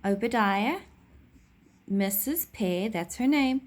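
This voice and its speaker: A woman teacher giving a reading lesson to young children, speaking clearly and reading a rhyme aloud with lively expression. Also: on the high side, a little slow.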